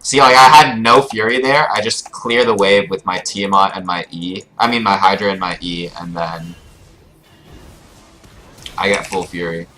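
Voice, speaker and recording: A man's voice: deep voice, fairly even intonation, normal speed, bright, forceful tone, slight background noise, rough recording. A young man giving casual live commentary over his own gameplay as a streamer, explaining his choices with frequent fillers. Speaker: gaming streamer. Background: keyboard clicks and typing.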